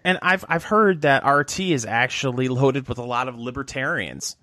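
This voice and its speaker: A man's voice: medium pitch, normal speed, pushed and bright, no room sound, studio quality. A man co-hosting a podcast, joking and quizzing his co-host about politics in casual chat.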